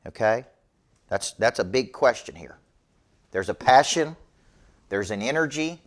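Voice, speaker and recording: A middle-aged business coach gives a motivational talk to an audience, emphatic and preachy, repeatedly asking "okay?" to check in. His medium-pitched voice is expressive and unhurried.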